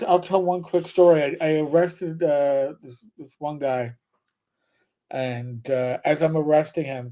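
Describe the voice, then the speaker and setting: Halting, mellow-voiced storytelling man. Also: a little high. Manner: rambling, halting, many restarts. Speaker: podcast co-host, retired police officer. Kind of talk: casual storytelling chat.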